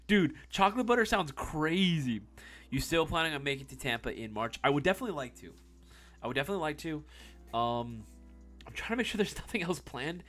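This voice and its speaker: A man's voice: fairly high pitch, bright, forceful tone. A man in his thirties chatting casually on a live stream, reading the chat, laughing often and calling people "bro" and "dude.".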